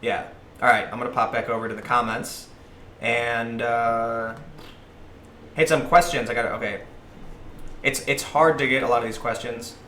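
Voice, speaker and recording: A man in his thirties hosting a casual live stream, telling rambling, animated stories and acting out what people said to him. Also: mid-range voice, normal speed, long pauses. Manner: rambling, animated storytelling, acting out quoted voices. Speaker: livestream host. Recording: echoey room, faint noise.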